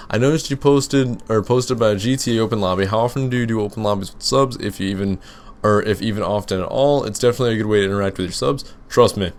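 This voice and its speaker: A young man who makes gaming videos, answering viewer questions while playing, rambling with lots of fillers and restarts. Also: lowish voice. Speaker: gaming YouTuber. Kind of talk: casual Let's Play commentary with Q and A.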